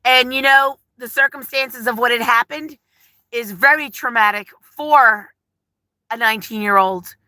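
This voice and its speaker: A middle-aged woman chatting live into a phone held in her hand from her parked car, speaking gently and from the heart, rambling with fillers as she reads viewer comments. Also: fairly high pitch, measured pace, no room sound. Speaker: vlogger on a livestream. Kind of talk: casual live chat, reading comments.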